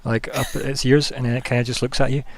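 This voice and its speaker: A man's voice: mid-range voice, level tone, fast. A man narrating as game master of a tabletop game, rambling and full of fillers.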